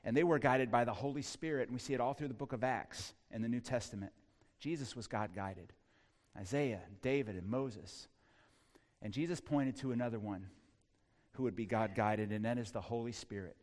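A man's voice: mid-range voice, moderate pace, darkish tone. A man preaching a sermon as pastor, emphatic, repeating key lines and calling the congregation to respond. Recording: long hall reverb.

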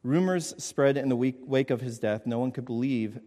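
A man's voice: medium pitch, normal speed, mellow, in a large hall. A man preaching a sermon, emphatic, repeating his points and checking in with the congregation. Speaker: pastor.

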